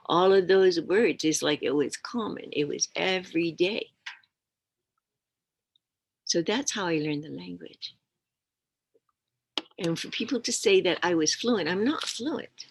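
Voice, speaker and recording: An older woman leads an outdoor lesson, telling stories slowly and gently in plain words sprinkled with Ojibwe. Her voice is gravelly and a little husky. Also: fairly low pitch, animated. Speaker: elder teacher. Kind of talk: oral storytelling lesson.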